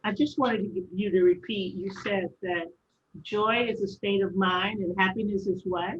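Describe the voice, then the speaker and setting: A woman's voice: medium pitch, fairly even intonation, moderate pace, a little hiss or hum. Earnest woman on a dull, lo-fi call. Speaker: meeting participant joining remotely. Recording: dull, lo-fi remote call audio.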